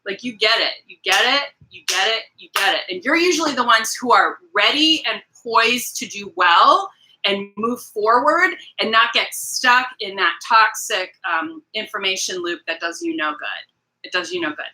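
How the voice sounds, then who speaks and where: A woman's voice: mid-range voice, lively intonation, normal speed, bright, forceful tone, poor audio. A woman hosting a casual livestream, talking straight to her viewers in a rambling, emphatic way and greeting people in the chat. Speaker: livestream host.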